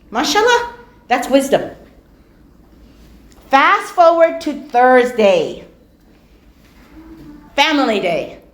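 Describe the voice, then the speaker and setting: Animated woman lecturing in an echoey hall. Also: high-pitched. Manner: animated, acts out quoted voices, repeats words for emphasis. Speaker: Islamic lecturer. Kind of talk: storytelling religious lecture.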